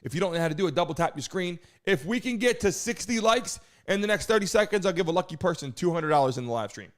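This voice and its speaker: A man hosting a live stream, hyping the chat, shouting out viewers and talking loosely with some swearing. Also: high-pitched, animated, fast talker. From United States.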